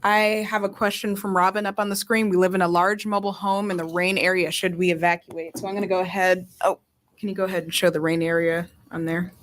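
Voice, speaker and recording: A woman's voice: on the low side, little pitch movement, fast. A woman from Nevada, weather office staff, carefully and somewhat hesitantly answering viewer questions on a live stream.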